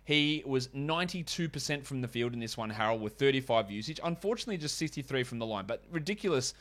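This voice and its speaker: A fantasy basketball podcast host runs through stats and ad reads, tossing in chatty, wry asides and quick stat rundowns. His voice is medium-pitched and a bit bright, with lively intonation.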